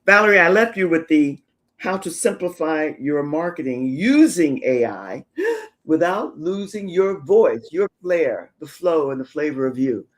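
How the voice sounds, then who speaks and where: A woman's voice: low voice, very animated, measured pace. A woman hosting a live show for women entrepreneurs, giving encouraging, repeated calls to action. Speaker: show host.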